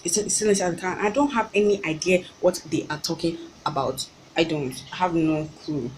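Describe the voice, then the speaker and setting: A young Nigerian-accented woman vlogging at home, telling her story in an animated, fed-up rant. Her voice sits slightly low, with a faint hiss of background noise behind it. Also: low-quality recording. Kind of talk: ranting storytime vlog.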